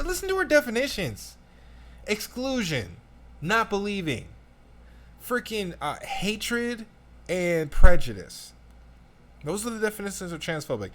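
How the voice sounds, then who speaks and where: A man rants through his commentary on a video clip, turning to his listeners again and again. His voice sits a little high for a man and swings widely in pitch as he gets worked up. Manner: animated, ranting, addresses the audience. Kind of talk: casual reaction commentary.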